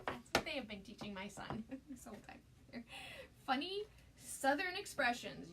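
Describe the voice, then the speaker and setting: A woman demonstrating a craft project on a live stream, gushing with excitement and greeting viewers by name. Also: fairly high pitch, normal speed, creaky, far from the mic, noisy background.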